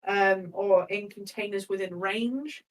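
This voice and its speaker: A woman talks through her turn in a tabletop game. Her voice is mid-pitched and reaches the mic from a little way off. She chats loosely, laughs easily and swears under her breath. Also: a little slow, recorded from a distance, rough recording. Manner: chatty and swearing, laughing often. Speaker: player.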